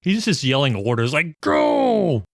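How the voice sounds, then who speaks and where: A man's voice: mid-range voice, expressive, moderate pace, a bit bright, no room sound, clean studio sound. A man co-hosting a podcast, casually and profanely retelling scenes from a cult film. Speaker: podcast co-host. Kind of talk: casual movie review chat.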